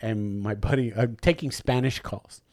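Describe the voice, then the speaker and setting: A man's voice: mid-range voice, moderate pace, darkish tone, no echo, studio quality. A man from Rico, co-hosting a podcast with crude, joking banter and bits of Spanish. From Puerto Rico. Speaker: podcast co-host. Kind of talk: casual chat. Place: podcast studio.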